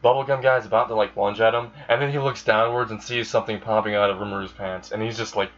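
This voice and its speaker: A man's voice: on the low side, steady tone, quick pace, fairly bright tone. Rambling young man telling a made-up story. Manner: rambling, swears, self-corrects. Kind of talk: casual improvised fan story narration. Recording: dull lo-fi recording.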